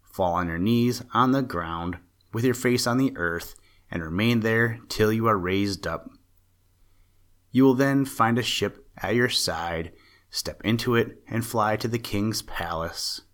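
A man voicing a kindly magical male mannequin who gives slow, measured instructions in a storybook tale. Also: on the low side, a bit bright. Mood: instructing.

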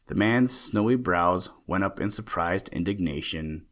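A man reads an audiobook aloud in a steady, plain way. His voice sits very low. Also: normal speed, few pauses. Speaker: narrator. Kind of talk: audiobook narration.

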